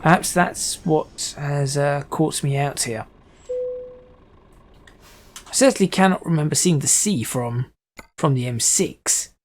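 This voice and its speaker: A man's voice: a little high, slow pace, long pauses, slight background noise. A man giving casual gameplay commentary, thinking aloud with hesitant restarts as he drives. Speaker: gaming channel host.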